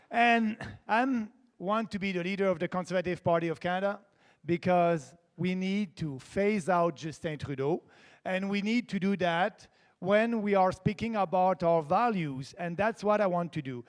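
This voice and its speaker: A man's voice: high-pitched, moderate pace, big-room sound. A man with a Québécois French accent giving an earnest, emphatic opening statement at a debate. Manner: earnest, emphatic, repeats key phrases. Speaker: political candidate. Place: large theatre stage.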